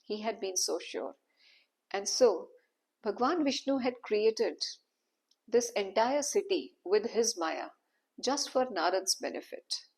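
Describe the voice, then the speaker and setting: Gravelly-voiced woman telling devotional stories. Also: medium pitch, lively intonation, takes it slowly, darkish tone. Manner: dramatic, emphatic retelling. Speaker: storyteller. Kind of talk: devotional storytelling.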